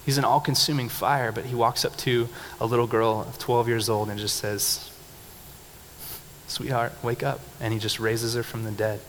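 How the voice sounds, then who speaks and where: A young man gives a lively, conversational sermon and often breaks into laughter as he preaches. His voice sits in a middle register and carries a long reverb from the hall, with faint noise behind it. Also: medium pitch, normal speed, hardly any pauses. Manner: animated and conversational, laughing often, leading call-and-response.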